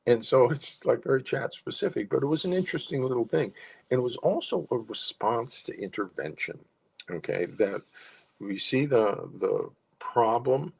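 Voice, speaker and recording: Man, psychologist, low gravelly voice, husky, rambling casual talk. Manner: rambling, conversational, frequent restarts. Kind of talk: casual spoken monologue.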